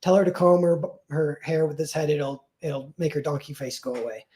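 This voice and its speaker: A man voicing a male ogre, speaking calmly and matter-of-factly. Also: a little high, moderate pace, natural voice. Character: male ogre, gruff but softening.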